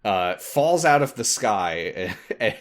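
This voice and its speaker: A man's voice: lowish voice, big pitch swings, takes it slowly. A man hosting a podcast, recapping a video game in casual chat, rambling with many fillers and frequent laughs. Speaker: podcast host.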